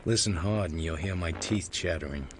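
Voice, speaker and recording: An actor playing a dry, cynical hard-boiled private detective in a 1940s-style radio drama, talking in laconic wisecracks. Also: male voice, low-pitched, moderate pace, close to an everyday voice. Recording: hissy old radio recording.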